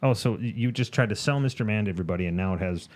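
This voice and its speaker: A man co-hosting a podcast, chatting casually and teasing with quick reactions. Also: on the low side, darkish tone. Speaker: podcast co-host. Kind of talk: casual chat.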